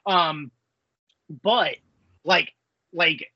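A man co-hosting a podcast, chatting excitably and profanely about a movie. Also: on the high side, extremely slow, dry recording, dull audio. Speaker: podcast co-host. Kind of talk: casual movie chat.

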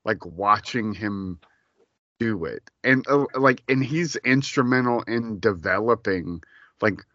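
A man co-hosts a casual pop-culture podcast, speaking slowly and emphatically and swearing now and then. His voice is bright and forceful. The sound is dry and a little dull, like a lo-fi recording. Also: on the low side, no room sound. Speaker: podcast co-host.

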